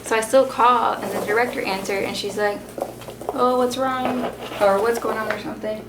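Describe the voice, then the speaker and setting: A woman in her twenties, a vlogger and mother, telling a story in a casual, animated way with many fillers. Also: mid-range voice, fairly quick. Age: 20s. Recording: noisy home recording.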